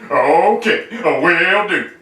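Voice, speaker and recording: A man's voice: a little high, lively intonation, slow pace, bright, forceful tone, heavily acted. A man playing a nervous, bumbling drug middleman who stammers and flusters. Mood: flustered. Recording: roomy sound, mic at a distance.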